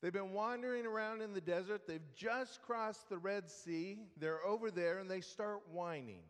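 A man teaching a Bible study lesson in a relaxed, conversational way, with fillers and restarts. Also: sits high, normal speed, few pauses, long reverb tail.

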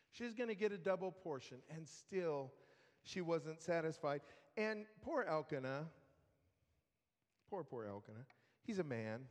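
A man preaching a sermon, telling a story slowly with dry humor and talking straight to the congregation. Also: on the high side, darkish tone. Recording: long hall reverb.

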